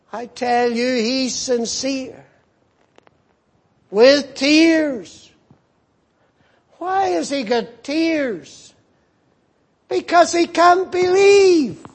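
A male preacher with a high voice, asking questions and answering them himself. He speaks very slowly and emphatically, repeating key words as he drives each point home. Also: lively intonation. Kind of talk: sermon.

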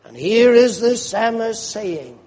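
A man preaching a sermon in a measured, emphatic way, repeating phrases for stress. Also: very high voice, animated, darkish tone. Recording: long reverb of a large hall.

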